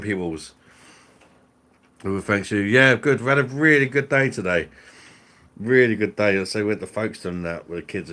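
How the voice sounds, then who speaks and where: A man's voice: lowish voice, a bit bright. A man hosting a live stream, chatting casually with viewers in jokey banter and laughing often.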